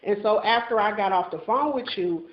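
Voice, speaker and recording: A woman's voice: medium pitch, normal speed, roomy sound, highs cut off. A woman hosting an interview, talking in an earnest, chatty way with many fillers. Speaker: interviewer, channel host. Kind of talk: casual phone interview.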